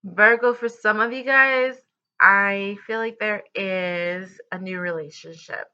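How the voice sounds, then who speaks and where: A woman talks through a tarot love reading in a loose, rambling way, full of fillers and restarts. Her voice is bright and forward, and the recording sounds slightly muffled and lo-fi. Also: medium pitch, fairly even intonation, slow, clean tone. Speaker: tarot reader. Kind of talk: casual tarot reading to camera.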